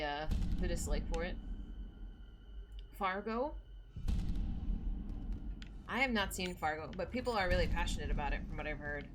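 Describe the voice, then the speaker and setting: A woman's voice: on the low side, noisy background. A young woman streaming a scary game, talking with her chat in a nervous, chatty way and swearing now and then. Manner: chatty, jumpy, swears, reads chat aloud. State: nervous, scared.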